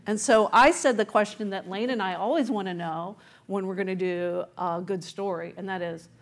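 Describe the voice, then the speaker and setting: A woman author and journalist recounting how she found a story, chatty and animated, with many fillers. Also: mid-range voice, moderate pace. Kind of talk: conversational storytelling interview.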